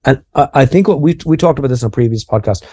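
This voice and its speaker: A man's voice: medium pitch, animated, very fast, dark tone, slightly rough, dry recording. An Irish man co-hosting a podcast, talking casually and self-deprecatingly, explaining ideas with lots of restarts. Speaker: podcast co-host.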